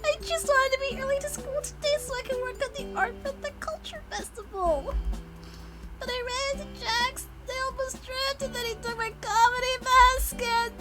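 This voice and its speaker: A woman's voice: extremely high pitch, animated, drawn-out words, over loud music, pitched above the performer's own voice, full character voice, low-quality recording. A woman voicing a timid schoolgirl who is crying in a game reading. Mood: tearful. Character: tearful timid girl student.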